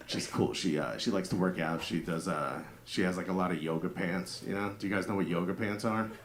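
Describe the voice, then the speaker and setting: A man's voice: low voice, fairly even intonation, brisk, slight background noise. A man with a New York-area accent doing a crude, conversational stand-up set, acting out bits of dialogue. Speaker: stand-up comedian. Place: comedy club stage with live audience. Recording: live club audience laughing. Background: audience laughter.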